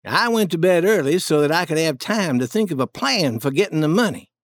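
Male storybook narrator, steady first-person telling, animated pitch, dry booth. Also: brisk, no room sound.

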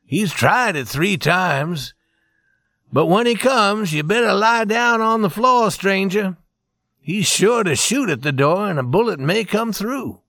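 A man voicing a steady saloon keeper who gives calm, firm instructions in a storybook reading. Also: high voice, unhurried, dry recording, studio quality, pitched above the performer's own voice, full character voice.

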